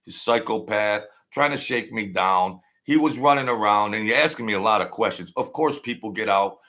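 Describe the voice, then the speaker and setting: A man's voice: lowish voice, brisk, bright, forceful tone. An older man, host of his own channel, telling a rambling story in a blunt, wary, streetwise way.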